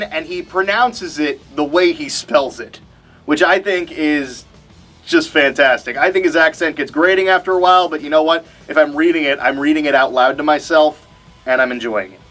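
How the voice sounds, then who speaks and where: A young man hosts a casual wrestling vlog and talks straight to camera in a wry, mock-reluctant way. His voice sits a bit high for a man. Faint music plays behind him. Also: fairly bright tone. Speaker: wrestling show host.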